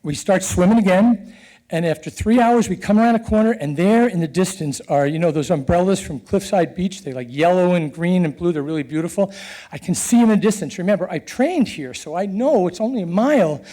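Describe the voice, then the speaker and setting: A middle-aged man tells a personal story with a high, warm, mellow voice. He's earnest and animated, chuckling and sometimes stopping to restart his sentences.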